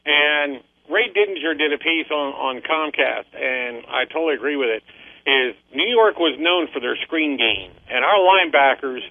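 A man's voice: fairly high pitch, dry recording. An older man calling into a sports radio show, chatting keenly as a fan. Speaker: caller. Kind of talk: call-in sports chat. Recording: tinny phone line.

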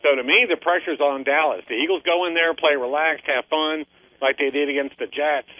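A man's voice: a little high, fairly even intonation, fairly quick, no echo. An older man calling into a sports radio show, chatting keenly as a fan. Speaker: caller. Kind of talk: call-in sports chat. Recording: tinny phone line.

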